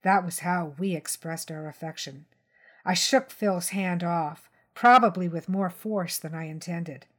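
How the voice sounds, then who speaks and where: A woman reading a crime short story aloud in a measured narration. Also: fairly low pitch, a bit bright. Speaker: reader.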